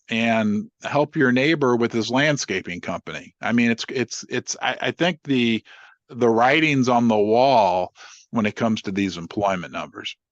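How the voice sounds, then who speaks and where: A man's voice: medium pitch, no room sound, highs cut off. Teasing middle-aged male interview host. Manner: joking, teasing, animated questions. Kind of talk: casual interview chat.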